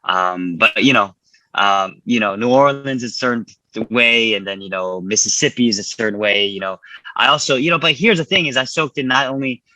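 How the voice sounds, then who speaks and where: A man's voice: medium pitch, fairly quick, pushed and bright, dry recording, rough recording. A man from California, a filmmaker guest answering interview questions casually and earnestly, often repeating words and filling with "you know".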